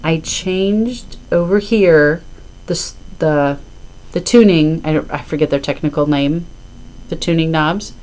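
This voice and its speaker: A woman's voice: low voice, a little slow, darkish tone. A woman in her fifties, chatting casually to camera about her cross-stitch, rambling and often apologizing as she goes.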